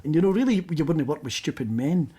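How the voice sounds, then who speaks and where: A man's voice: a little high, very animated, fast talker, warm tone, slightly rough. A man presenting a documentary and talking earnestly with his guest.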